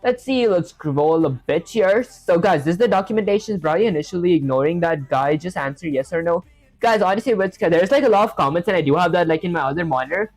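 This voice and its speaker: A woman's voice: fairly low pitch, expressive, quick pace, darkish tone, soft background music. A young woman streaming live as she codes, thinking aloud and chatting casually with her viewers. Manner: chatty, thinks aloud, reads chat and answers it, lots of "guys" and "honestly". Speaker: coding livestreamer. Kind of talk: casual live-stream chat while coding.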